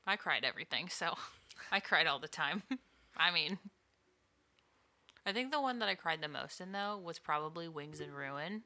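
A woman's voice: low-pitched, expressive, normal speed, long pauses, sharp tone. A woman co-hosting a book podcast, teasing and laughing in casual chat. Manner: playful, teasing, laughs often. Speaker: podcast co-host.

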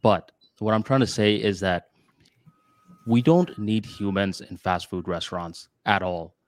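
A man with a low voice co-hosts a podcast, arguing his point in loose, rambling sentences thick with fillers. The sound is dry and close, with no room behind it. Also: unhurried, dry recording. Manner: rambling, filler-heavy with lots of "like" and "dude"; animated, jumps to higher pitch when voicing others. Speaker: podcast co-host. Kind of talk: casual podcast debate.

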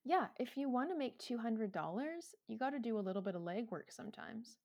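A woman's voice: fairly high pitch, lively intonation, fairly quick, darkish tone. A young woman co-hosting a podcast, telling stories in casual, emphatic chat. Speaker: podcast co-host.

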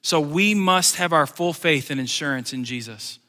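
High, sharp-toned man preaching a sermon, lively with wry asides, long church reverb. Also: moderate pace. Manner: animated, swings between loud emphasis and quiet asides; joking asides in plain everyday speech. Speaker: pastor. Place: church sanctuary.

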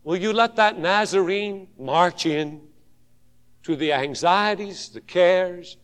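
Man, preacher, sermon, slow and deliberate, rising shouts and hushed pleas, long hall reverb. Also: high-pitched, smooth. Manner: dramatic swings from shouted calls to hushed pleading.

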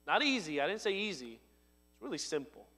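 A man preaching a sermon, his voice swelling to loud emphatic lines and dropping low and soft. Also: sing-song, normal speed, in a large hall. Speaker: pastor.

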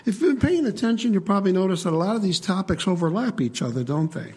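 A man delivers a sermon with a slightly husky voice that sits a little high for a man. He talks to the congregation in a conversational way and stops to ask them questions. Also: big pitch swings, quick pace, darkish tone. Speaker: preacher.

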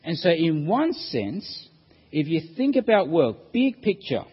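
A man preaching a sermon, his slightly husky voice rising and falling with lively expression. He acts out the quotes as he reads them. The sound carries a long hall reverb and a dull, lo-fi tone. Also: fairly high pitch, a little slow.

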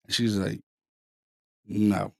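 A man, a podcast host, tells a paranormal experience in a halting, conversational way, repeating words as he goes. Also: on the low side, level tone, gravelly, no room sound, studio quality. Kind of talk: casual storytelling.

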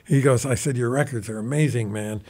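A man's voice: medium pitch, brisk, darkish tone. An older man casually telling a long anecdote as a guest musician, acting out what people said. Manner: rambling anecdotal, mimics quoted voices. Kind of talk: casual storytelling.

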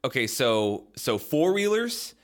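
A man's voice: medium pitch, very animated, takes it slowly. A young adult man co-hosting a podcast, musing in a loose, rambling way, full of "like" and "man". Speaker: podcast co-host. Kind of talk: casual chat.

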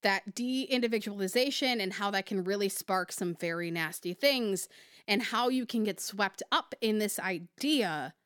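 A woman's voice: medium pitch, a little slow, fairly bright tone, clear, resonant tone, dry recording, studio quality. A woman co-hosting a casual podcast, emphatic and passionate, swearing freely. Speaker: podcast co-host.

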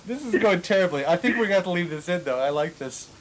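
A man's voice: high voice, expressive, fast talker, heavy background noise. A man co-hosting a comedy podcast who makes dry, joking asides. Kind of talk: casual banter.

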